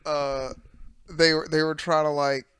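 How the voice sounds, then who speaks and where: A man co-hosting a comedy podcast who rambles through his stories, full of filler words. His voice is bright and crisp and sits a little higher than most men's. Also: little pitch movement, a little slow, no echo. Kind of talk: casual chat.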